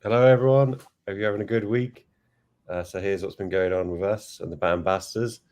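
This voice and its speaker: A man's voice: lowish voice, fairly even intonation, a little fast, darkish tone. A man giving plain, matter-of-fact updates on an ambassador program during a casual community call.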